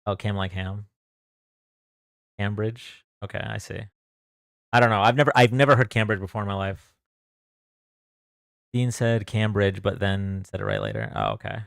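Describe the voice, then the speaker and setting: Young man, live-stream host, casual joking chat, lowish voice, dry close sound. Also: animated, quick pace, vocal fry, a bit bright, no echo. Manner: chatty, greets viewers by name, loose and joking. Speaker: livestream host.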